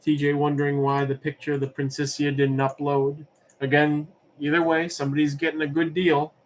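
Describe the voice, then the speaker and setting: A man hosting a live-streamed auction, chatting casually in a relaxed, rambling way as he answers chat questions between calls. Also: a little high, brisk, a little hiss or hum. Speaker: livestream auction host.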